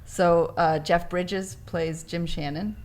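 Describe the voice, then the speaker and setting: Casting: female artist guest, lowish voice, reflective, easygoing interview talk. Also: steady tone, takes it slowly, a little mellow. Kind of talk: conversational interview.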